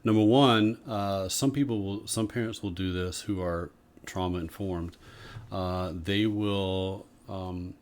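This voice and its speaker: Man, very deep voice, co-host, measured explanations, casual podcast chat. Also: fairly even intonation. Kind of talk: casual conversation.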